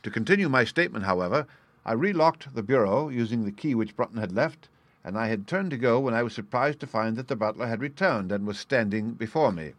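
A man narrating a classic story in the first person, reading in a measured, formal way. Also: medium pitch, animated, no room sound. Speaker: audiobook narrator.

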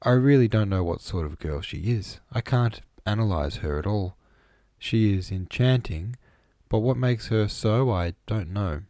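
A man's voice: on the low side, a little slow, warm tone, no room sound, clean studio sound, natural voice. A man doing a kindly, teasing young count. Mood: flustered. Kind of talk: audiobook reading.

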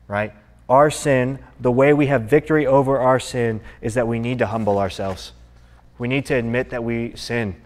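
Young male college-group teacher, relaxed conversational sermon, echoing hall. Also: medium pitch. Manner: conversational, asks the room for agreement. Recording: long reverb in a hall.

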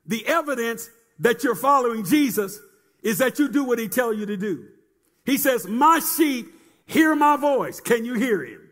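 A man's voice: very high-pitched, animated, normal speed, a bit bright. A man preaching a sermon in a chanting, sing-song cadence, repeating phrases and calling on the congregation to answer.

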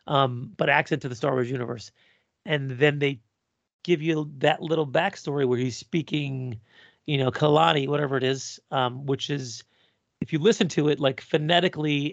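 A man's voice: on the high side, vocal fry, no echo, lo-fi sound. A man co-hosting a podcast, chatting casually and profanely about a TV episode, rambling and laughing often. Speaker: podcast co-host. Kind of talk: casual chat reviewing a TV episode.

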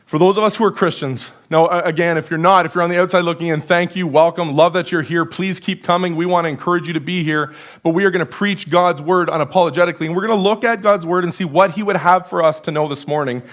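A pastor preaching a sermon in church, earnest and conversational, building emphasis through repetition. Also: male voice, on the high side, steady tone, fast talker, few pauses, fairly bright tone. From Canada. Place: church sanctuary.

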